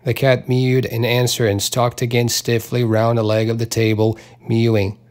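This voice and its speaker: A man reading a literary novel aloud as an audiobook narrator, in a measured, unhurried delivery with small touches of voice for the characters. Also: medium pitch, completely flat delivery, a little mellow.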